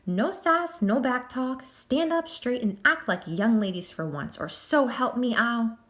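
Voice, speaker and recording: A woman's voice: on the high side, expressive, unhurried, fairly bright tone, pitched above the performer's own voice. A woman voicing a stern, bossy woman caseworker with a clipped, scolding manner.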